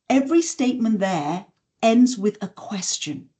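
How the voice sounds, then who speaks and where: Woman communication coach, mid pitch, mellow tone, calm and instructive, podcast guest. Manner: measured, instructive, demonstrates intonation examples. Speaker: voice and communication skills trainer. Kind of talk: podcast interview, explaining and demonstrating.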